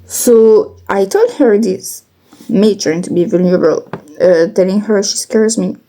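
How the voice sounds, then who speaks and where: A young woman speaking in a casual confessional vlog, candid and blunt, halting with many restarts and fillers. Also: mid-range voice, mellow, slight background noise. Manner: candid, blunt, occasional swearing.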